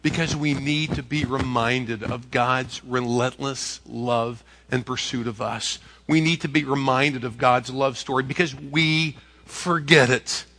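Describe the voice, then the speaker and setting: Earnest, bright-voiced male preacher. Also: mid-range voice. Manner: earnest, personal, joking. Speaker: pastor. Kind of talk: sermon.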